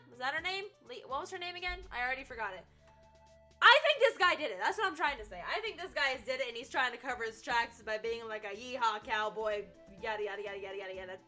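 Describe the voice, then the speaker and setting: A woman streaming a video game, chatting casually, animated and giggly as she reads chat aloud. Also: on the high side. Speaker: gaming streamer.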